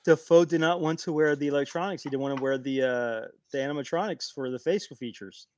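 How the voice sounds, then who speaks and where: A man's voice: a little high, fast talker, a little mellow, no echo. A man chatting casually about movies, stammering and repeating words as he goes.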